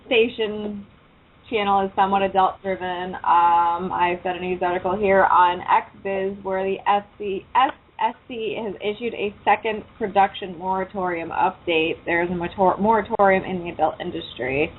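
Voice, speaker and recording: On a laid-back internet radio show, a female host speaks at a normal pace in a mid-range voice, her intonation fairly even. Her manner is chatty and loose, with frequent profanity, and the sound comes through a thin phone-like line carrying a light hiss.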